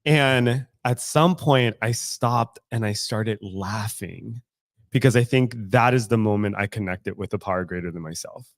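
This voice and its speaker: In a studio room, a Bay Area man co-hosting a casual podcast opens up about his faith, cursing and laughing a lot. His voice sits on the low side and moves at a measured pace, captured in a dry, clean studio recording.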